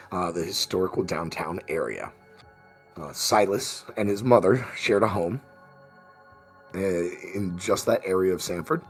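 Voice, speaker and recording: A man's voice: on the low side, breathy edge. A man game master recapping the last session of a tabletop game, rambling with fillers and restarts.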